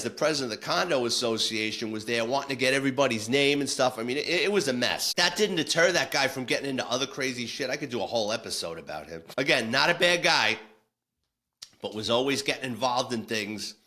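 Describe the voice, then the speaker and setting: Quick-paced and expressive, this man speaks at medium pitch with a sharp tone. An ex-police detective, he spins war stories casually, bluntly, and saltily, often restarting his sentences.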